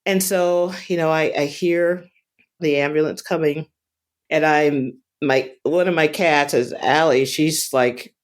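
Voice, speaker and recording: A woman telling a personal story in a casual, halting way, often repeating words and restarting sentences. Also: low-pitched, fairly even intonation. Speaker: storyteller recounting a personal experience.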